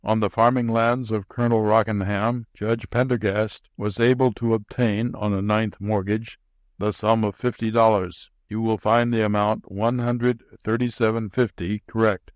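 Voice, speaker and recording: Storybook figure: a man voicing a pompous, formal railroad president, low and dry. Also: flat delivery, normal speed, dry recording, close to an everyday voice. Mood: explaining. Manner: formal, long-winded, apologetic. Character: pompous, flustered small-town railroad president.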